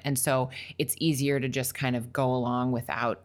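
A woman hosting a podcast, talking in a warm, affirming, measured way into a large studio microphone. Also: flat delivery. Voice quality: gravelly low voice. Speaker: podcast host. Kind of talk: intimate podcast conversation.

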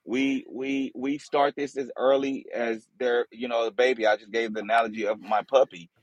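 Brief: man, mid pitch, dry close sound, relaxed and joking co-host. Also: moderate pace, dry recording, rough recording. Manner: joking, relaxed, informal speech. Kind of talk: casual chat.

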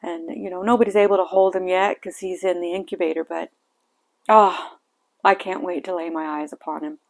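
A woman's voice: on the low side, fairly even intonation, fairly quick, gravelly. An older woman hosting a devotional podcast, sharing a heartfelt personal reflection on scripture with sighs and emotion in her voice.

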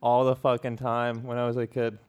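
A man's voice: medium pitch, monotone, fairly quick, clear, resonant tone, lo-fi sound. A man co-hosting a podcast in casual, joking chat. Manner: joking, playful, stumbling restarts. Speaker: podcast co-host.

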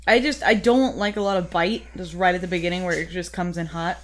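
A chatty woman in a casual chat over whiskey, talking with lots of fillers and animated asides. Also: lowish voice, brisk, a little hiss or hum.

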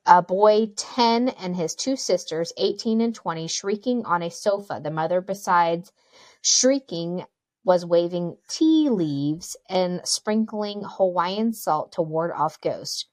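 A woman's voice: fairly low pitch, expressive, slow pace, darkish tone, no echo. A woman podcast co-host telling a spooky story in casual chat, joking asides and reading out an old news article. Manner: chatty, jokey asides, frequent ums.

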